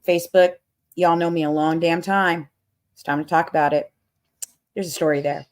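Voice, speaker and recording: A woman's voice: low-pitched, gravelly, a little mellow. A woman ranting bluntly and profanely on a casual livestream, up all night without sleep. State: has not slept. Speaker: livestream host.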